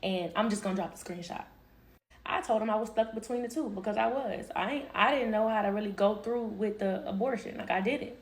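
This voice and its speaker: A woman's voice: medium pitch, brisk. A woman telling a personal story in a casual, slangy way, talking straight to her viewers.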